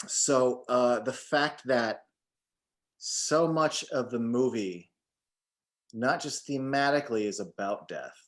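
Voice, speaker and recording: A man's voice: medium pitch, slow. A man in his forties co-hosting a film podcast in casual chat, joking, swearing and rambling loosely. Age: 40s. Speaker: podcast co-host.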